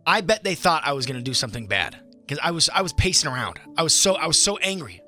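A man co-hosting a morning radio show, telling a story in an animated way and acting out his own shouting. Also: fairly high pitch, quick pace, faint music behind. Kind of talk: casual radio banter.

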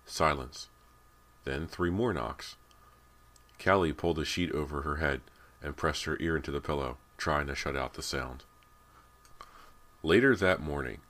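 A man with an extremely deep voice reads a horror audiobook aloud. His narration is measured and deliberate, slowing down at the tense moments and keeping an even pace.

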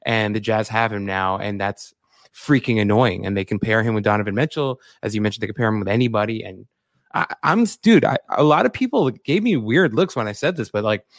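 A man co-hosting a sports podcast, talking in an excitable, rambling way with lots of "like" and "bro". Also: on the low side, brisk, dry recording, clean studio sound. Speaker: podcast co-host. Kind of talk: casual sports podcast chat.

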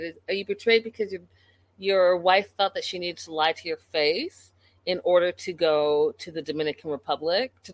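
Exasperated woman recapping a show. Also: mid-range voice. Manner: exasperated, incredulous, talks straight to the show's people. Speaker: reality TV recap commentator. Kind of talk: casual commentary recap.

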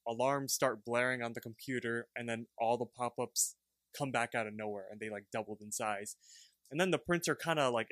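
A man on a casual podcast walks through a cartoon episode beat by beat. His voice sits at an ordinary middle pitch. It sounds close and dry, with no room sound around it. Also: no room sound. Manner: retells scenes lively, slipping into character voices. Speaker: podcast co-host. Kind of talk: casual plot recap.

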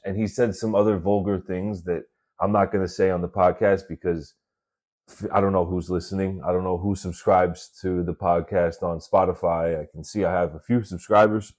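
Sitting low in pitch with a steady, darkish tone and normal speed, this podcast host recounts his New York City work week in a relaxed, talkative monologue, cursing liberally throughout.

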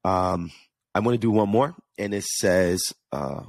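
A man's voice: deep voice, expressive, a little slow, darkish tone, dry recording, studio quality. A man with a New York–New Jersey accent hosting a casual solo podcast, chatty and earnest, often restarting and repeating words. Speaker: podcast host.

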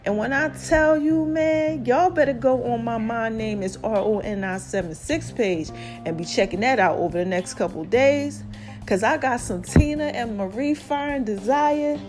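A woman's voice, pitched a little high, carries a New Jersey accent blended with a Southern lilt. She rambles in animated slang, telling her viewers about her faith. Light music plays faintly behind her. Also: normal speed. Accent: New Jersey mixed with Southern US. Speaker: vlogger. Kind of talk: casual faith testimony vlog.

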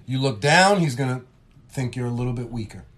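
A man's voice: medium pitch, expressive, a little fast, a bit bright. A man co-hosting a podcast, explaining officiating in a casual, coaching way. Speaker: podcast co-host, basketball referee. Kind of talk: casual instructional chat.

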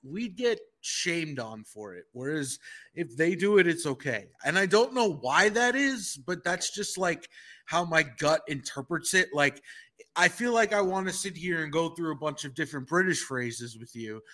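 A man's voice: on the high side, animated, normal speed, sharp tone. A man co-hosting a podcast in casual chat, joking and self-deprecating. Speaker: podcast co-host.

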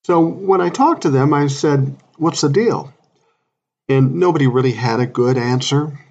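A man in his sixties hosts his own podcast and talks in a blunt, irritated way, with swearing all through it. His voice is somewhat husky, and the recording sounds a bit dull and lo-fi. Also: medium pitch, moderate pace, a little mellow. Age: 60s. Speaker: podcast host. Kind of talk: solo podcast rant.

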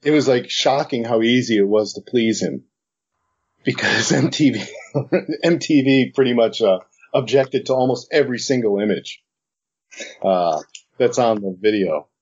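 Husky-voiced man telling an animated story. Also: medium pitch, measured pace, long pauses. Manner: animated storytelling, acts out both sides of the conversation. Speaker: animation director. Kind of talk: interview anecdote. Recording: dull lo-fi recording.

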